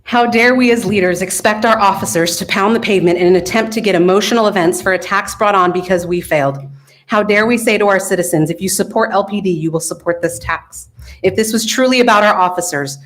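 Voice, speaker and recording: A woman's voice: mid-range voice, quick pace. Earnest, emotional woman addressing council. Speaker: chamber of commerce representative speaking at public comment. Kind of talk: prepared public comment. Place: council chamber.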